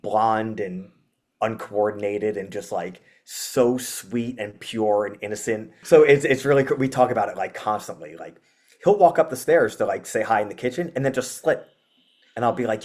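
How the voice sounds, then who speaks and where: A man, a guest musician, chatting casually in an interview, rambling with lots of fillers and animated retellings. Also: fairly low pitch, moderate pace.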